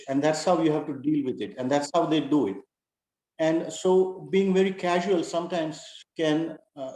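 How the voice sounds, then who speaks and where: A middle-aged man, sharing a personal story in a halting, earnest way with many fillers. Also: a little high, darkish tone, roomy sound, low-quality recording. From India. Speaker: class participant.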